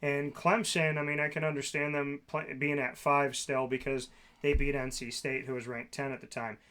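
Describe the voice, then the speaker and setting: A man's voice: medium pitch, flat delivery, normal speed, a bit bright. A man co-hosting a casual sports talk show, sarcastic and ranting about team rankings.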